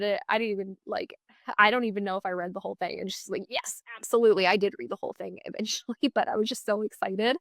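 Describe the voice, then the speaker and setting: A young woman hosts her own podcast, telling a story in an upbeat, chatty way and acting out the lines she quotes. Her pitch sits in an ordinary middle range. The recording is dry, with no room sound. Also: steady tone, quick pace, dry recording. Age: 20s. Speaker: podcast host. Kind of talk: casual solo storytelling.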